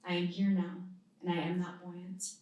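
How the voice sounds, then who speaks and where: Poet, woman in her thirties, low steady voice, live reading in a very echoey hall, heard from a distance. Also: muffled recording. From United States. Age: 30s. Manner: measured, deliberate phrasing with pauses between lines. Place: indoor literary event venue.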